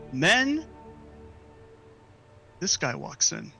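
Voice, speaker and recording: A man's voice: high-pitched, expressive, a little slow, pauses often, bright, forceful tone, faint music behind. A man narrating a tabletop game as game master, casual, often restarting his phrases.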